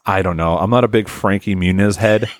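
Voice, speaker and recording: A man's voice: deep voice, moderate pace, a little hiss or hum. A young man hosting a comedy podcast, telling a rambling improvised story in a casual, joking way. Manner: rambling, lively, with frequent filler and restarts. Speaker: podcast host.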